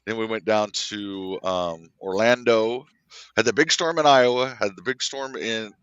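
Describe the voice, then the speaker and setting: An animated man from Kansas, a little low in pitch, telling stories over a livestream and acting out other people's voices. His voice is bright and forward, but the recording is dry and a bit dull. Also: measured pace, clear, resonant tone, no echo. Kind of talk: casual livestream chat. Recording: slightly dull lo-fi.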